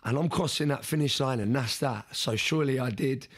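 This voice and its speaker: A man's voice: medium pitch, brisk, breathy edge. A young man, a podcast guest, telling an earnest story in conversation, often restarting and repeating words.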